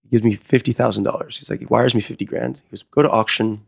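A man's voice: lowish voice, fast, creaky, dry recording, studio quality. A man who works as a sommelier and wine consultant, telling stories in a casual interview and acting out the quoted dialogue. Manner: animated, acts out quoted dialogue.

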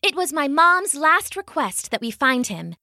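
A woman's voice: high voice, big pitch swings, a little slow, bright, forceful tone, no echo, clean studio sound, pitched above the performer's own voice, full character voice. A woman voicing a young girl, a druid's daughter, earnest and determined, in a storybook reading.

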